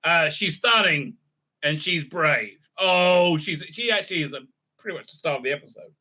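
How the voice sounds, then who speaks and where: A man's voice: on the high side, lively intonation, moderate pace, sharp tone. A man giving a casual, mocking review, rambling with many fillers. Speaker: video reviewer.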